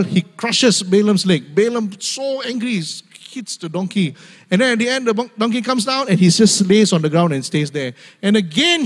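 Young man, pastor, humorous sermon, frequent laughter, high voice, long hall reverb. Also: breathy edge. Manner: laughs often, mimics voices in asides.

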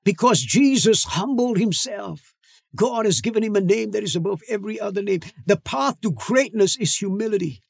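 A middle-aged male pastor preaching a sermon, emphatic, with dramatic slow-downs and sudden shouts. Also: high-pitched, gravelly, no echo, studio quality.

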